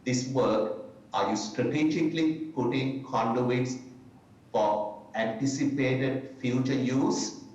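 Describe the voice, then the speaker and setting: A man chairing a public hearing, asking measured, deliberate questions in an echoey room. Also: medium pitch, a little mellow. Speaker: commission chair. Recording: echoey room, distant mic, dull sound.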